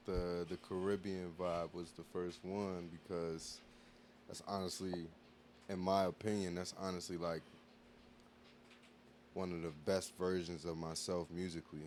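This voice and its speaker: A man's voice: sits low, darkish tone, slight background noise. A man appearing as a musician guest on a podcast, talking in an easygoing, reflective way and often asking "you know what I mean". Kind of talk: casual interview chat.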